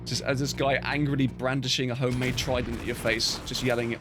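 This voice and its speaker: A man's voice: medium pitch, flat delivery, brisk, noisy background. A man chatting casually while playing a game on a livestream, joking and laughing often. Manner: jokey, laughs often, puts on silly accents. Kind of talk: casual gaming chat.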